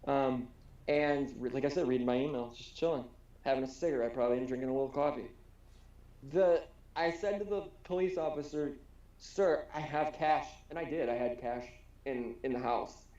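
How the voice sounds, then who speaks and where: A Wisconsin man co-hosting a casual podcast rambles through a story, swearing freely and acting out the people he quotes. His voice is medium-pitched and dark, and he talks a little fast. The home recording sounds roomy and slightly dull.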